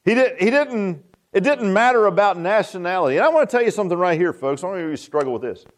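A man's voice: high-pitched, lively intonation, fast. A man preaching a sermon, folksy and joking, often asking the congregation questions. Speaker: pastor.

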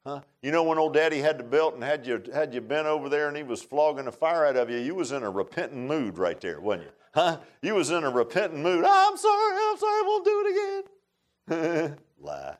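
A man's voice: medium pitch, expressive, a little fast, few pauses. A man preaching a sermon in a folksy, emphatic way, with many asides to the congregation. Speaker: pastor.

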